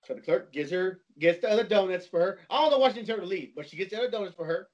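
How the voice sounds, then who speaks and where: A man's voice: sits high, lively intonation, racing, hardly any pauses. A man telling a long story in casual chat, rambling, with frequent restarts and repeated words. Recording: dull lo-fi recording.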